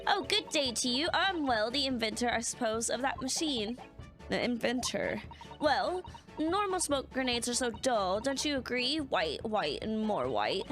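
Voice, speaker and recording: A woman's voice: fairly high pitch, sing-song, measured pace, a bit bright, faint music behind. A woman voicing a chirpy, eccentric young woman inventor who speaks in a perky, prim way.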